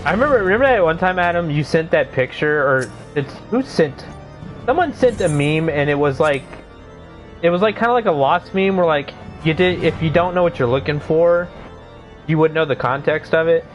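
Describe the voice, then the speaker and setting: A young man streaming a game, rambling through casual commentary with lots of swearing and excited outbursts. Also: fairly high pitch, normal speed, soft background music, poor audio.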